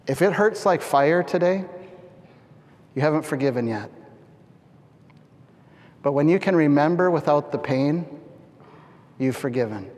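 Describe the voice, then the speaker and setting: A middle-aged man from Canada preaching a storytelling sermon, animated and acting out scenes with sudden loud shouts. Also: on the high side, a little slow, pauses often. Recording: long hall reverb.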